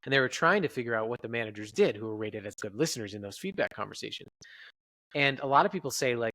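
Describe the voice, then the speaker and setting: Guy explaining his research on a podcast, earnest and steady, dry close sound. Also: mid-range voice, fast, no room sound, low-quality recording. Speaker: leadership researcher guest. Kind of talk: podcast interview.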